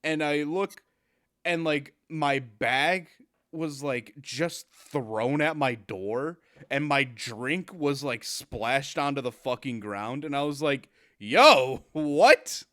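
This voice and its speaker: A young man co-hosting a casual podcast, ranting with lots of swearing and loud mocking impressions of other people. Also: medium pitch, takes it slowly, no echo, studio quality. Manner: profane ranting, loud mocking put-on quotes. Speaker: podcast co-host. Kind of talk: casual chat.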